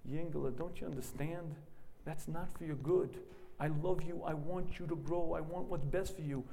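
A man voicing a loving, patient God who speaks gently and reassuringly, in an echoing hall. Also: on the high side, fairly even intonation, normal speed, gravelly, a little hiss or hum. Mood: tender.

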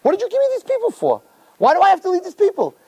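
A man's voice: wildly swooping pitch, racing, darkish tone, no room sound, full character voice. A man playing an anguished pleading leader. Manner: high, exasperated, pleading.

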